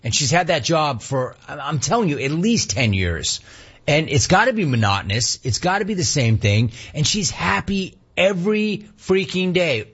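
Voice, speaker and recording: A man in his fifties hosting a call-in talk radio show, ranting with animated energy and mocking voices. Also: normal speed, slightly rough, dull audio. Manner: animated ranting, mocks cheerful clerks in a high voice. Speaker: radio talk show host taking calls.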